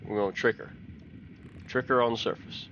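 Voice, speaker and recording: This Texan gaming host talks a little fast in a mid-range voice, chatting folksily over a fishing game and sharing fishing tales. He perks up with excitement when the fish bite, and the recording sounds dull with a touch of hiss or hum.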